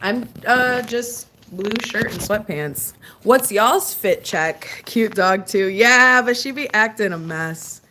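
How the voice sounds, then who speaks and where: Speaking slowly with few pauses, a woman with a mid-range, bright and forceful voice chats on a live stream from home, reading and replying to chat while scolding her dog.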